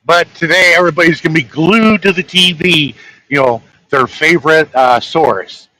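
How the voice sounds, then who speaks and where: A man's voice: on the high side, moderate pace, sharp tone, rough recording. A man, a truck-driving vlogger, telling a story in a rambling, chatty way and chuckling at his own tales. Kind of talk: casual storytelling.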